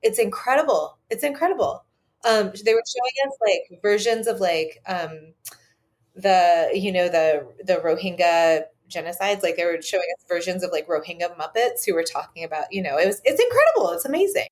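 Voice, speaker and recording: A woman's voice: fairly low pitch, animated, moderate pace, a little mellow. A woman in her forties, a historian guest on a podcast, chatting eagerly with lots of fillers. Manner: enthusiastic, chatty, many "like" and "um". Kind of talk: casual chat.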